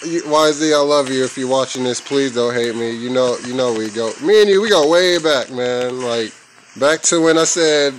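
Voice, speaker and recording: A young man talks over his own gameplay at home through a headset mic, trash-talking playfully, cussing, and letting out sudden yelps. His voice is medium in pitch at a normal speed. The low-quality recording carries a little hiss or hum.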